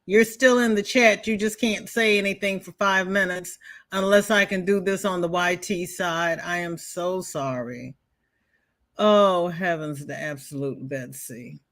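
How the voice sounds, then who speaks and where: A woman's voice: lowish voice, unhurried, fairly bright tone. A woman hosting a crochet livestream, chatting casually and greeting viewers by name, with folksy exclamations.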